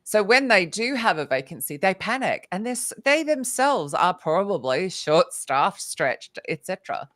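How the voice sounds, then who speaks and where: A woman's voice: mid-range voice, big pitch swings, normal speed, hardly any pauses, a bit bright. A woman author speaking as a podcast guest, chatting animatedly and laughing often as she acts out what people said. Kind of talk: casual podcast conversation. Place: lives in the UK.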